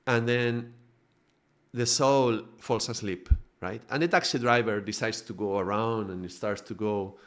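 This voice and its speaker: A man's voice: lowish voice, steady tone, measured pace. A man giving a live spiritual talk, building extended metaphors and often checking in with tag questions. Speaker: spiritual teacher.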